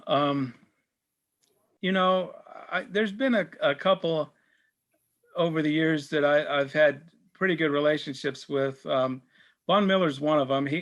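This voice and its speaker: A man's voice: fairly high pitch, a bit bright. Middle-aged guy rambling thru sports stories, lots of ums and restarts, casual q&a talk. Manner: rambling, full of fillers and restarts; tells anecdotes, acts out quoted exchanges. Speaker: sportswriter speaking at a church supper.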